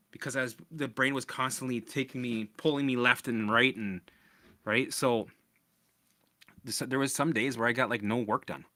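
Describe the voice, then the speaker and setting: A man talks through listener questions in a loose, rambling solo monologue. His voice is bright and forceful, he swears freely, and he keeps tossing in "right?". The sound is close and dry. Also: mid-range voice, dry recording. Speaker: podcast host answering listener questions.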